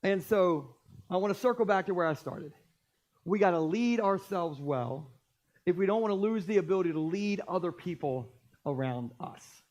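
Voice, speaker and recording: Male pastor, higher-pitched voice, animated sermon with humor, church setting. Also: moderate pace, lo-fi sound. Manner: animated, jokey storytelling. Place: church stage.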